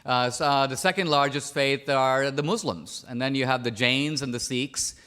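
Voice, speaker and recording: A man from India arguing a point in a formal debate, measured and pointed, pressing his opponent with questions. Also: mid-range voice, pushed and bright. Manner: measured, pointed, cross-examining. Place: debate stage in a large hall.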